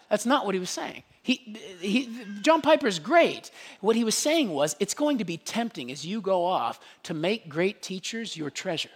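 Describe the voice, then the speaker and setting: A man preaching a sermon as pastor, animated and dramatizing his points with quick voiced asides. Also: sits high, slightly rough, big-room sound.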